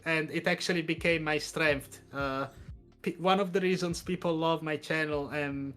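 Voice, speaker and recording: A man with an Italian accent, a podcast guest chatting casually and telling his story with expressive energy. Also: a little high, normal speed, soft background music. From Italy. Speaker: podcast guest, content creator.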